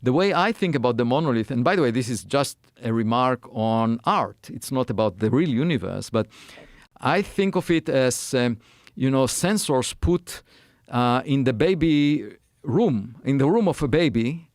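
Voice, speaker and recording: A man's voice: medium pitch, animated, moderate pace, no echo, clean studio sound. A man as a guest scientist in a conversational interview, speaking thoughtfully with many fillers and restarts.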